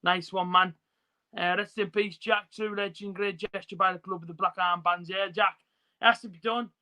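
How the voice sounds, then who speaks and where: Guy doing a footy watch-along stream, higher voice, bright, chatty, lots of ums and you knows. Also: fairly even intonation, moderate pace, poor audio. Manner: chatty, reads out viewer comments, lots of fillers. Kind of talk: casual live stream chat. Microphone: phone.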